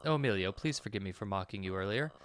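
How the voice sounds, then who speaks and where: A man's voice: fairly low pitch, expressive, quick pace, natural voice. A man reading as an anxious aristocratic lady. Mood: fretful.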